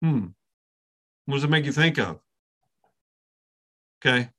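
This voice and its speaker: A man's voice: mid-range voice, lively intonation, slow pace, a bit bright. A middle-aged man teaching a Bible lesson in a conversational way, often checking in with his listeners and repeating words as he restarts.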